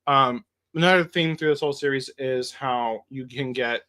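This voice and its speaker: A man's voice: medium pitch, moderate pace, pushed and bright, clean tone. Man host, interview commentary, explains and sums up. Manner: explanatory, summarizing.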